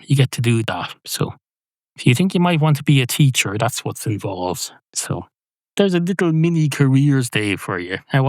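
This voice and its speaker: A man riffing alone on a comic podcast, deadpan and rambling, breaking into sudden high yelps and casual swearing. His voice sits at an everyday middle pitch, recorded close and dry with no room around it. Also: no echo. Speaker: podcast host. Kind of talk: improvised comic monologue.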